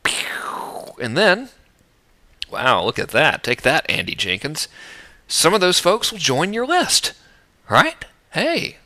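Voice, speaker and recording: A man's voice: fairly high pitch, big pitch swings, measured pace, long pauses, sharp tone. A middle-aged man teaching list building in a casual, jokey, self-mocking video talk.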